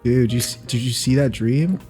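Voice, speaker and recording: A man co-hosting a podcast in casual chat, laughing often and tossing in quick jokes. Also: medium pitch, dark tone, slightly rough, soft background music. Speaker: podcast co-host.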